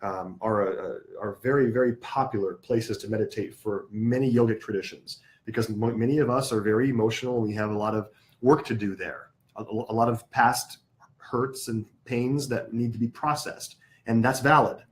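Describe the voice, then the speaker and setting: A man teaching a live yoga class, explaining in an unhurried way and stopping now and then to correct himself. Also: fairly low pitch.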